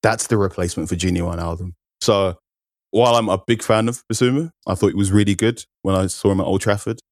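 A man's voice: deep voice, steady tone, quick pace, no room sound, clean studio sound. A man, a football writer guest, explaining transfer ideas in detail and acting out quotes. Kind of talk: analytical football chat.

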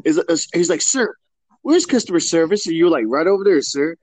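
Man, high voice, excited and loud, laughing, dry sound. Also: a little fast, no echo. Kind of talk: casual chat.

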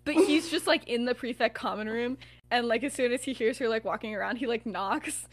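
A young woman spins a story in a loose, casual podcast chat, leaning on filler words and laughing easily. Her voice sits a bit high for a woman, and it sounds close and dry with no room around it. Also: a little fast, dry recording. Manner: chatty, filler-heavy with frequent "like", laughs often.

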